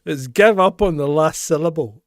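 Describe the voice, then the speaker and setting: A man co-hosting a casual news chat show, opinionated and quick to laugh. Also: a little high, no echo, clean studio sound. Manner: chatty, opinionated, laughs often. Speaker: co-host.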